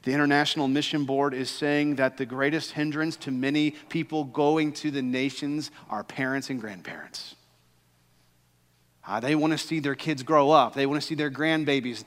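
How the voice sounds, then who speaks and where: A man preaches a sermon from the pulpit. His voice is a little higher than most men's and grows emphatic and fervent. It rings through the long reverb of a church sanctuary. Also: steady tone, moderate pace. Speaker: senior pastor.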